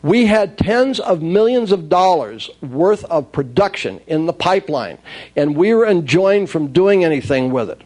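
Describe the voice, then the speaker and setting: High-voiced man telling wry stories. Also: normal speed. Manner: wry, lively storyteller acting out dialogue. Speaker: speaker recounting his toy industry career. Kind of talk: anecdotal storytelling talk.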